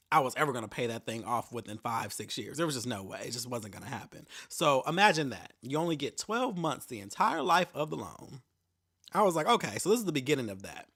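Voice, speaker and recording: A man's voice: a little high, bright, forceful tone. A young adult man hosting a podcast, telling a story in a casual, profane rant and mocking the people he quotes. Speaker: podcast host.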